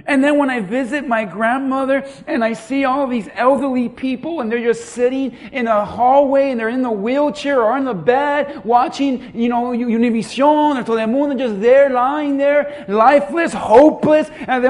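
A man in his thirties preaching a sermon as a pastor, swinging between hushed lines and loud peaks and acting out the people he quotes. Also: very high-pitched, normal speed, few pauses. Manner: preaching with dramatic swings in loudness and acted-out quotes.

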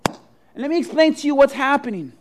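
A preacher giving a sermon and telling a story with dramatic swings from soft to loud. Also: high-pitched, lively intonation, a little fast, background noise.

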